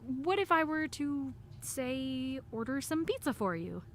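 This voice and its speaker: An actress voicing a young woman amateur detective in a video game, asking polite, measured questions. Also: high-pitched, sing-song, a little hiss or hum, exaggerated voice. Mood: curious. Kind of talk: game voice acting.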